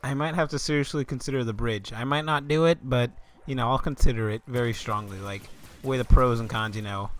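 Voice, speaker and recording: A man's voice: mid-range voice, brisk, few pauses. A young man ranting in a comedic vlog, swearing often and stammering into exasperated outbursts. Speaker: vlogger.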